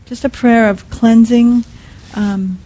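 Soft-spoken woman with a husky, mellow voice. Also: fairly high pitch, fairly even intonation, rough recording. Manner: soft, halting, many restarts and fillers. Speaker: speaker at a Christian teaching. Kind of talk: sermon.

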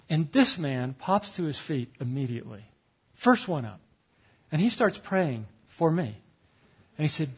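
A man's voice: on the high side, expressive, normal speed, a bit bright, slightly rough. A man telling a self-deprecating personal story with humor, laughing often and acting out what he thought at the time. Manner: acts out his own past thoughts. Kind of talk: storytelling talk.

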